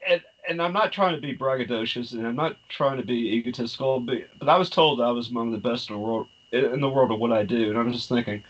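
A man's voice: medium pitch, fast, hardly any pauses, highs cut off. A man co-hosting a casual talk show, speaking in a rambling, hesitant way with lots of fillers and restarts. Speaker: co-host. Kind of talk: casual chat.

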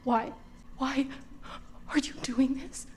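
A woman's voice: high voice, fairly even intonation, slow. An actress playing a young woman confronting a killer, heard as film audio under score music. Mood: shocked.

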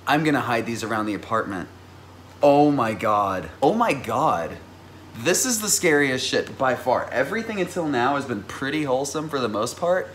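A young man in his twenties, chatting casually and swearing a lot as he opens fan mail, jumping to high-pitched exclamations. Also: a bit bright, slight background noise. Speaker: musician vlogger opening fan mail. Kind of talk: casual vlog.

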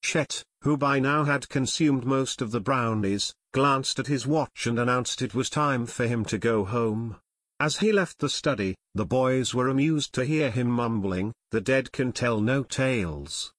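In a clean studio recording with no room sound, a man narrates an audiobook, telling the scripted story steadily and evenly. His mid-range voice moves a little slowly.

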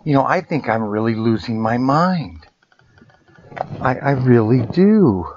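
Exasperated shopkeeper, unhurried, mutters and sighs, lo-fi. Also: male voice, mid-range voice, expressive, a little mellow. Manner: frustrated muttering to himself, sighing. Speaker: toy shop owner. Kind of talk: casual talking to the camera. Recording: dull lo-fi sound with background noise.

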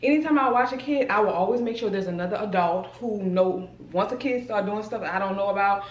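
With a medium-pitched voice and a fairly quick pace, a young Southern vlogger from the New Orleans area talks casually and with energy to her viewers, calling them "y'all" and "child." The home recording sounds roomy and lo-fi.

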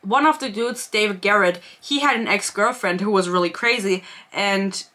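Young woman in her twenties, book reviewer, sarcastic and giggly, bright tone. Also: medium pitch, normal speed. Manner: sarcastic, laughing, reads excerpts aloud. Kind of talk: casual book review vlog.

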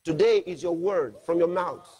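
A man delivers an emphatic sermon as a pastor, his voice fairly high and husky. He slows down when he reads scripture aloud and leans hard on the key words. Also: a little mellow.

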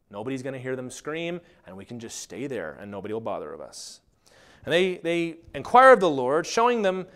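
A man preaching a sermon as pastor, animated and acting out quotes along the way. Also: fairly high pitch. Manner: animated, acts out quotes and asides.

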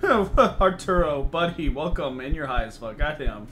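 Swearing, panicky young gaming streamer. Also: male voice, a little high, lively intonation, unhurried, a bit bright, a little hiss or hum. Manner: panicky, joking, heavy swearing. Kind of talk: profane let's-play commentary.

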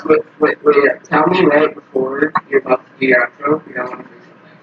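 A man's voice: medium pitch, steady tone, fairly quick. A man in casual game chat, needling and sarcastic toward his friends. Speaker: gamer. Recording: distant lo-fi mic with hiss.

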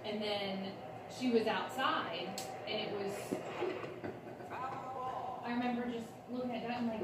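A woman's voice: fairly high pitch, steady tone, unhurried, long pauses, heavy background noise. A young woman telling a family story in a rambling way with restarts, heard through a camera across the room. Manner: rambling, restarts, acts out quotes. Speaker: family member. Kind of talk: telling a story in casual chat. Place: living room with a TV. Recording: echoey room from far off.

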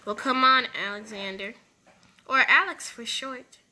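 A woman's voice: a little high, measured pace, pushed and bright, slight background noise. A woman voicing characters in a casual game roleplay, playful and switching between voices.

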